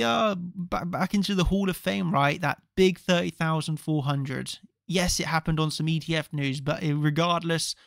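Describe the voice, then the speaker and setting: A man with a somewhat high, gravelly voice talks viewers through chart analysis. His delivery is emphatic and confident, and he drives points home by repeating words. The sound is close and dry. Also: no echo. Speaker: crypto trading analyst host.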